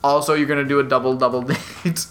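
A man's voice: mid-range voice, little pitch movement, fast, fairly bright tone. A young man co-hosting a podcast, recapping a movie in casual chat with sarcastic asides. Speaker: podcast co-host.

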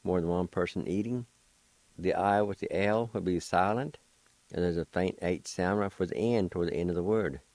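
A man's voice: sits low, normal speed, a little mellow, no room sound, poor audio. A man teaching a language lesson, spelling out and pronouncing words one sound at a time in a patient, encouraging way. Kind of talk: slow spelling and pronunciation lesson.

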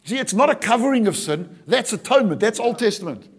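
High-voiced, animated pastor. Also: male voice, quick pace, slightly rough. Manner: animated, jokey preaching with acted-out asides and calls of "Amen?". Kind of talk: sermon.

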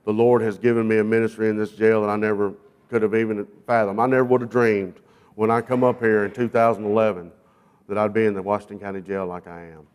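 A man's voice: fairly low pitch, level tone, quick pace, darkish tone, smooth. A man from South Arkansas, a guest jail minister giving a sermon testimony with humorous stories. He talks in a folksy, self-deprecating way with frequent fillers. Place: church.

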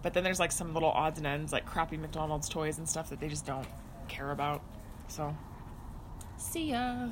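A woman with a fairly low voice, chatting in a breezy, teasing way. She sits outdoors on a porch swing, with a faint wash of ambient noise. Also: level tone, a little fast. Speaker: podcast co-host. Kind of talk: casual chat.

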